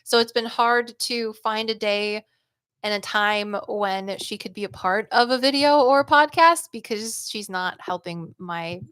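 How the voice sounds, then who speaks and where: Woman, casual livestream chat, lots of fillers, mid pitch, dry close sound. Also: a bit bright, smooth, no echo. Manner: chatty and loose, heavy use of "like" and "um", quick laughs. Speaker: psychic medium hosting a livestream. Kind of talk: casual livestream chat reading viewer comments.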